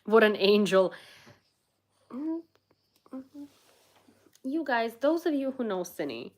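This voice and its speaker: A woman's voice: a little high, very animated, slow. A young woman, chatting casually on a livestream and cooing to her dog. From Ukraine. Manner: chatty, coos and baby-talks to her dog. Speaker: livestream host.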